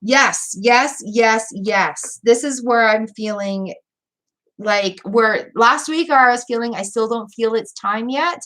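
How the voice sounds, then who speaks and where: A woman's voice: a little high, slow pace, fairly bright tone. A woman doing a live tarot reading, gushing and teary as she talks straight to her viewers over a webcam mic at home. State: teary, weepy. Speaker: tarot reader hosting a livestream.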